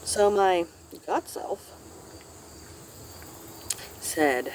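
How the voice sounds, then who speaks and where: A woman's voice: sits low, lively intonation, moderate pace, long pauses, darkish tone, a little hiss or hum. A middle-aged woman vlogging, telling a rambling personal story in a chatty, self-interrupting way and swearing freely. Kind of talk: rambling casual storytelling to camera.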